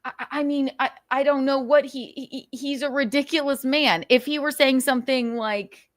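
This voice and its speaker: Woman livestream host, casual chatter, animated, stumbling restarts, dry close sound. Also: high voice, moderate pace, no room sound. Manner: animated, laughing, many restarts.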